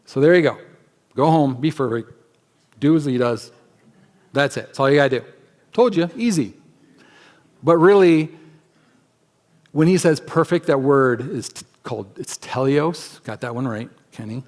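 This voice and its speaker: A man preaching a sermon as pastor in a church, conversational and emphatic, acting out quick asides in other voices. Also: medium pitch, a little mellow. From United States. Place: church sanctuary.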